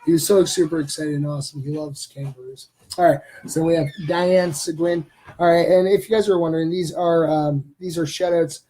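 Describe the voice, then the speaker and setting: A man's voice: fairly high pitch, fairly even intonation, brisk, warm tone. A man hosting a live stream, chatting casually and rambling with lots of fillers. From Canada.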